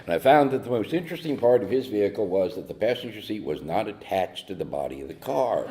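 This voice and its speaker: A man's voice: fairly low pitch, sing-song, normal speed, darkish tone. A man from North Carolina sharing a humorous personal story at a recovery meeting with wry, mock-indignant timing. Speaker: speaker at AA meeting.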